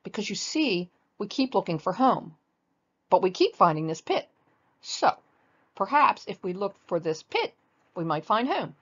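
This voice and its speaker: A woman voicing a gentle, agreeable male bear in a storybook reading, soft and mild. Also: mid-range voice, sing-song, measured pace, slightly rough, lo-fi sound. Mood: musing. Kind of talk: storybook read-aloud.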